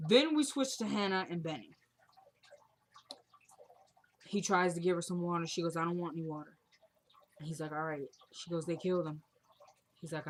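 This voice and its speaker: A woman's voice: lowish voice, a little hiss or hum. A woman casually retelling a TV episode scene by scene, quoting each character's lines in her own voice. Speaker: TV show recapper.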